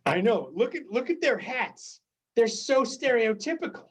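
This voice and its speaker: A woman's voice: a little high, sing-song, moderate pace, breathy edge. A woman performing improv comedy over a video call, chirpy and upbeat.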